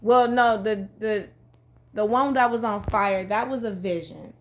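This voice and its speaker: A woman casually telling a story to her viewers, full of "like" and slang, acting out the quoted lines in a jumpy, lively way. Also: unhurried, a little hiss or hum. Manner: animated, acts out quoted dialogue with big pitch jumps; heavy filler "like", loose slangy phrasing. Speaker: vlogger.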